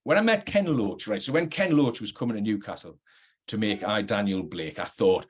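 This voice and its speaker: Slightly rough and on the low side, his voice is animated and moves at normal speed. He's a middle-aged Geordie actor from North East England with a working-class accent, reflecting to camera earnestly and hesitantly on his career and often beginning sentences again.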